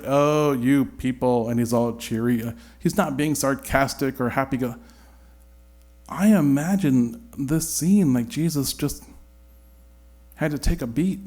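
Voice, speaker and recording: A man's voice: fairly high pitch, warm tone. Conversational male Bible teacher. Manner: conversational and searching, with hedges and restarts.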